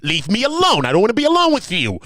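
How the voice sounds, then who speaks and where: Distressed young woman, pleading, pitched way up, a man voicing her, dry close sound. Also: wildly swooping pitch, fast talker, a bit bright, no echo, exaggerated voice. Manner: high, pleading tone.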